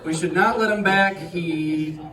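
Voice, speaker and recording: A male stand-up comedian telling a rambling, self-deprecating set in deadpan. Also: high-pitched, measured pace, recorded from a distance. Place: comedy club stage. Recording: roomy club sound with crowd laughter.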